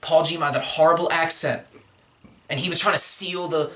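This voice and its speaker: Animated man ranting about movies. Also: a little high, a little fast. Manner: ranting, animated, puts on silly voices. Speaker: podcast host. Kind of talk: casual movie-review chat.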